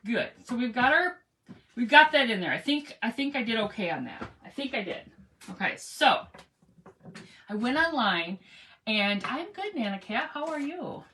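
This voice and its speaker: A woman's voice: on the high side, very animated, normal speed, pushed and bright, a little hiss or hum. A woman hosting a casual craft livestream, chatting rambly and greeting viewers by name as she works. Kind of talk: casual chat while crafting.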